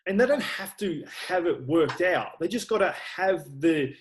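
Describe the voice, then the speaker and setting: A man's voice: sits high, lively intonation, normal speed, a little hiss or hum, rough recording. An Australian man, a personal trainer, talking frankly and earnestly in a casual interview, often restarting his sentences. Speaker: online personal trainer, guest.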